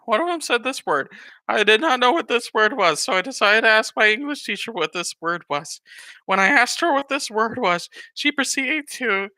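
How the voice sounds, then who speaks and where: A man's voice: very high voice, lively intonation, moderate pace, pushed and bright, no echo, pitched above the performer's own voice, full character voice. A man voicing a beaten-up young schoolboy who whines and pleads his story. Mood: whiny. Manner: whiny, breathless pleading.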